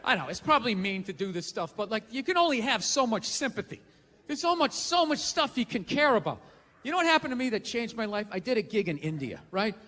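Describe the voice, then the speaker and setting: A male stand-up comedian, profane and ranting, shouting his punchlines during a live routine. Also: high voice, big pitch swings, fairly quick. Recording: live theater with long reverb and faint ambience.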